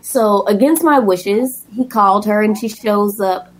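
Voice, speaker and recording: Chatty young woman telling a story. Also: a little slow. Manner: chatty and animated, acts out quoted lines in a high voice. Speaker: guest telling her birth story. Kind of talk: casual storytelling.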